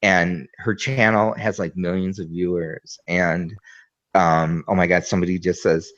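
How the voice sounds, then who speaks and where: A man's voice: low-pitched, flat delivery, a little slow, a bit bright. Rambling man on a lo-fi mic. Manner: rambling, hesitant, many fillers. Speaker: panel guest. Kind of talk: casual online group chat. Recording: dull lo-fi microphone.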